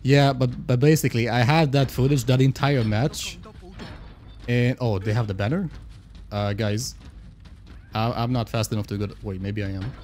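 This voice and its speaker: A man's voice: medium pitch, fairly even intonation, normal speed, long pauses, darkish tone. Casual young man streaming a game. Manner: casual, swearing, reacting to play. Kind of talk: gameplay commentary.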